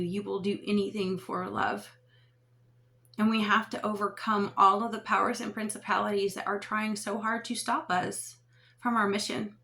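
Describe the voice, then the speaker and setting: A woman's voice: medium pitch, fairly bright tone. A woman tarot reader giving an earnest, encouraging spiritual reading to her viewers in plain, everyday words.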